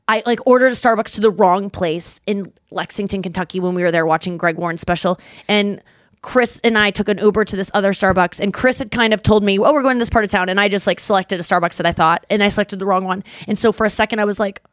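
A woman's voice: mid-range voice, brisk, dry recording, studio quality. A woman co-hosting a podcast, telling rambling stories in casual chat and acting out the people she quotes. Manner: rambling storyteller, acts out quotes. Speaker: podcast co-host.

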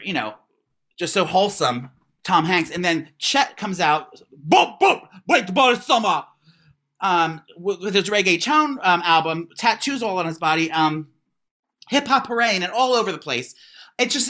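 Man, bright ringing voice, animated gossip, stammers and swears, lots of fillers. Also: sits high, moderate pace. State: congested, has to blow his nose. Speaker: podcast co-host. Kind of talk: casual gossip chat.

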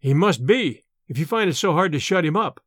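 A curt young medical student, voiced by a male narrator, lower and slower than the storyteller's telling. He brushes things off in clipped replies. The sound is close and dry. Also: animated, fairly bright tone, no echo. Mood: curt, skeptical.

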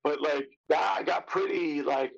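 A man in his fifties with a gravelly, raspy, fairly high voice tells an animated story, slipping into the voices of the people he quotes. The sound is dull and lo-fi. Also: unhurried. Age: 50s. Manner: animated, acts out quotes of others, casual swearing. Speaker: actor guest. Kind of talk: casual anecdotal storytelling.

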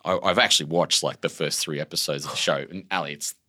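An Australian man in his forties, an author talking openly and emotionally in a relaxed interview, animated and full of casual slang. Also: very deep voice, fast talker, dry recording, clean studio sound. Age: 40s. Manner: emotional, animated storyteller, laid-back slang. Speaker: author guest.

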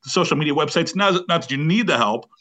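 A man's voice: on the high side, lively intonation, fast talker, sharp tone. A man hosting a podcast interview, upbeat with easy questioning. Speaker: podcast host.

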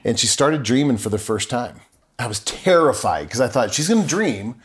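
A man's voice: mid-range voice, animated, normal speed. A middle-aged man talking as a podcast guest, telling a personal story earnestly and acting out remembered conversations. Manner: earnest, acts out remembered dialogue.

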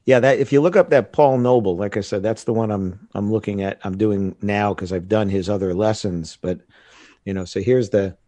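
Low-voiced American man telling stories. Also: moderate pace, no room sound. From United States. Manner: animated storytelling with laughs. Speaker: guest. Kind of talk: casual conversation.

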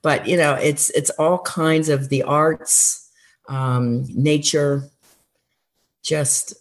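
A woman who worked as a school counselor, giving earnest, encouraging advice in a relaxed interview, with frequent fillers. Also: low-pitched, very slow. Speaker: former school counselor, guest. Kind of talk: conversational interview answers.

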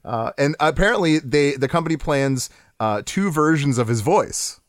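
Excitable man chatting with lively pitch. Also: moderate pace, no echo, studio quality. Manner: excitable, laughs often, many restarts and fillers. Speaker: podcast co-host. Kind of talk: casual chat.

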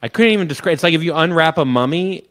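A man co-hosting a podcast, telling a long story and acting out loud shouted quotes. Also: fairly high pitch, lively intonation, fast. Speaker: podcast co-host. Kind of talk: casual chat.

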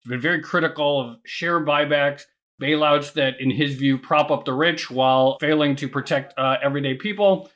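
Male co-host, slightly raised pitch, chatty interviewer with restarts. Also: moderate pace, fairly bright tone. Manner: chatty, asks questions with restarts. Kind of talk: interview hosting.

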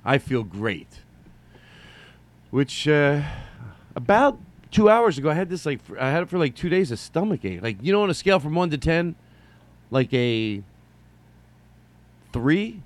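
A man hosting a solo comedy podcast, rambling through a story with jokey asides and quick mock voices. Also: on the high side, very animated.

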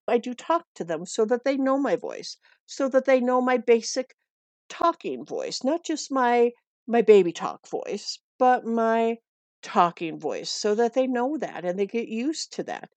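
A woman's voice: fairly high pitch, sing-song, a little slow, a little mellow, no room sound. A middle-aged woman from the United States giving dog-walking and pet tips in a chatty, earnest way that often repeats itself. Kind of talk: casual advice talk.

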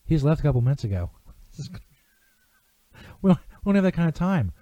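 A man's voice: on the high side, very animated, brisk, mellow, no room sound. A man hosting a live comedy radio show in a studio, laid-back with laughing, profane teasing. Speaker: radio host.

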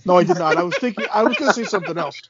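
A man's voice: sits high, lively intonation, very fast, lo-fi sound, heavy background noise. A man telling a neighbor story in casual chat on a call, profane and wisecracking.

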